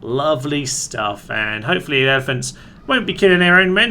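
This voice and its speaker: A man's voice: a little high, sing-song, brisk, bright, forceful tone, slight background noise. A young man giving upbeat, chatty commentary on a strategy game and calling orders to his units. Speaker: gaming channel host.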